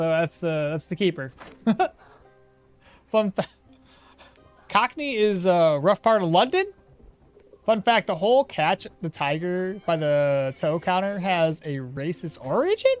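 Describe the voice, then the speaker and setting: A man's voice: high-pitched, expressive, slow pace, long pauses, faint music behind. A man streaming a game, chatting with his viewers, thinking aloud and laughing often. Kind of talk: casual live-stream commentary.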